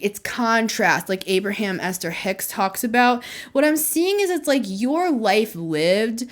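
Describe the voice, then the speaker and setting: A woman giving a casual, intuitive tarot reading to camera, talking in a chatty, rambling way full of "like" and loose asides. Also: medium pitch. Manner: chatty, rambling, heavy use of "like", laughs often. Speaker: tarot reader.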